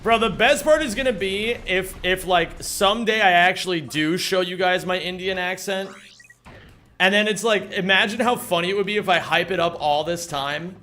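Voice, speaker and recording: A man's voice: sits high, moderate pace, bright, forceful tone, soft background music. A man speedrunning a game on stream, casually joking and swearing as he chats with viewers. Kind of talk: casual gaming commentary.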